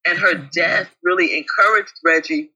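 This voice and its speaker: A man co-hosting a casual talk show, chatty and affectionate, with a husky voice. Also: a little high, steady tone, moderate pace, sharp tone, rough recording. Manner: chatty, calls co-host babe. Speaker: co-host. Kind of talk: casual chat.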